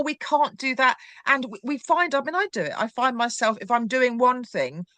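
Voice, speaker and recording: A middle-aged woman hosting a podcast, chatting in a lively, emphatic way. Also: fairly high pitch, dry recording. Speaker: podcast host. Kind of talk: casual chat.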